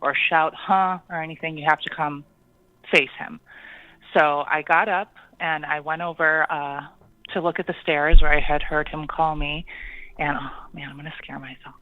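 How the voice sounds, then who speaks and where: A caller telling a personal ghost story on a call-in show, hesitant, with many pauses and ums. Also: medium pitch, flat delivery, dry recording, phone-quality sound.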